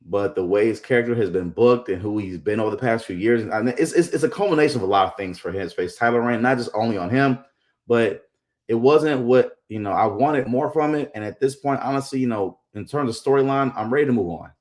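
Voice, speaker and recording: A man co-hosts a casual wrestling live stream. His voice is mid-pitched, and he talks in a loose, playful way. He jokes around and repeats himself when he gets worked up. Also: brisk. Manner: playful, jokey, repeats words when excited. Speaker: co-host.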